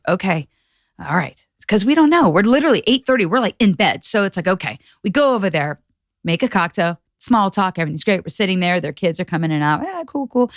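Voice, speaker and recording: A woman's voice: fairly low pitch, no echo, studio quality. A middle-aged woman hosting a podcast, telling a story with lots of energy, acting out quotes, swearing and laughing. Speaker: podcast host. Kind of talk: casual chat.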